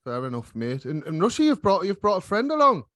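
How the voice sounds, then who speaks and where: A man's voice: high-pitched, wildly swooping pitch, a little fast, a bit bright, no room sound. A man hosting a casual podcast chat with cheeky, sweary banter, speaking right into a close microphone. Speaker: podcast host. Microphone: microphone held right up to the mouth.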